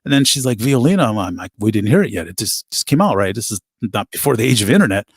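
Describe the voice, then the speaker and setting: A middle-aged band musician, a guest, telling animated stories in a casual interview, quoting people as he goes. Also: on the low side, fast talker, husky, dry recording, studio quality. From United States. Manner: animated anecdotes with laughs and quoted voices.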